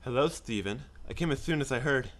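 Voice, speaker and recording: A man's voice: mid-range voice, expressive, brisk, fairly bright tone. A man reading character lines in a casual script read-through, with chatty asides. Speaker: script reader.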